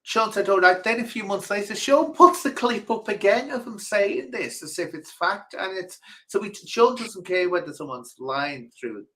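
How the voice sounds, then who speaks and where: A middle-aged man, hosting a casual livestream chat and telling stories in an animated way. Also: sits high, moderate pace, a little hiss or hum, low-quality recording. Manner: animated storyteller, mimics people in quotes. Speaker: host.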